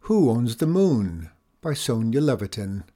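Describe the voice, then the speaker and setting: A man narrating a children's storybook in a measured, expressive reading. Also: mid-range voice, faint music behind.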